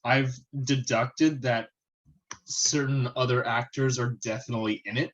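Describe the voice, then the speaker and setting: A man's voice: medium pitch, fairly even intonation, unhurried, a bit bright. Man on a dull video call. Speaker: podcast co-host. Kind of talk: casual chat.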